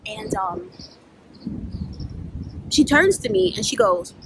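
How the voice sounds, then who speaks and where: A young adult woman from New York, a spiritual life coach, tells a candid personal story in a blunt, profane, animated way, acting out the voices she quotes. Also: mid-range voice, unhurried, pauses often, noisy background.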